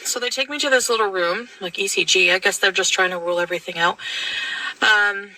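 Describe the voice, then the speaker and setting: A chatty woman from Canada tells a rambling personal story straight to her viewers. Her voice is very bright and sits a little back from the mic, on a dry recording with no room sound. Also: medium pitch, a little fast, no room sound, far from the mic, low-quality recording. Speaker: vlogger telling a story. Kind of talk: casual storytelling.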